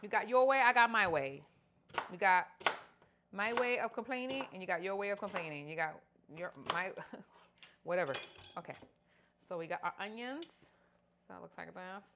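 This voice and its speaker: A middle-aged woman talks casually and playfully into a clip-on mic as she cooks, tossing joking asides to her viewers. She speaks at an ordinary middle pitch. Faint chopping and kitchen clatter sit behind her. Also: normal speed, long pauses, background noise. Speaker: lifestyle vlogger. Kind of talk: casual cook-along vlog chat. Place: home kitchen, indoors. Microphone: wireless clip-on mic.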